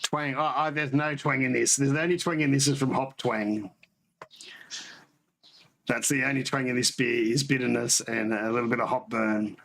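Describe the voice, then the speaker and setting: A man's voice: medium pitch, steady tone, normal speed, vocal fry, a bit bright, a little hiss or hum, low-quality recording. A man hosting a homebrewing livestream, chatting casually and rambling, correcting himself as he tastes beer. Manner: rambling, self-correcting, tasting beer on stream. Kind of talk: casual live chat.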